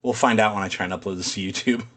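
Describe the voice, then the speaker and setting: A man's voice: lowish voice, steady tone, racing, fairly bright tone. A man co-hosting a podcast in casual chat, rambling, swearing freely and laughing often. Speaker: podcast co-host.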